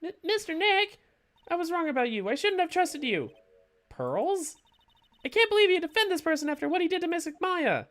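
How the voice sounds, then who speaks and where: A woman's voice: sing-song, normal speed, a bit bright, exaggerated voice. A woman voicing a timid, polite little girl who stammers, reading game dialogue aloud. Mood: upset. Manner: stammering, high and earnest.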